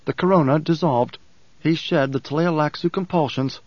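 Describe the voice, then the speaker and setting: Measured male audiobook narrator. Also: on the high side, a little mellow, dry recording. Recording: dull, dry audiobook sound.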